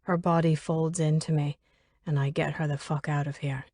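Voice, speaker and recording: Audiobook narrator, woman, low register, steady measured read, dry studio sound. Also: no echo.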